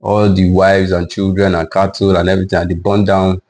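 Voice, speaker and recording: Deep-voiced man speaking on faith. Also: little pitch movement, fairly quick, darkish tone. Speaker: co-host. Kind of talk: faith-based conversation.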